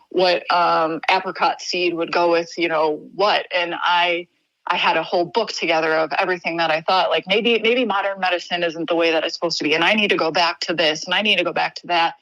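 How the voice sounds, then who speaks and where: A young adult woman from Wisconsin, a podcast guest telling a personal story in an earnest, halting way with many restarts. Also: fairly low pitch, fairly bright tone, no echo, low-quality recording.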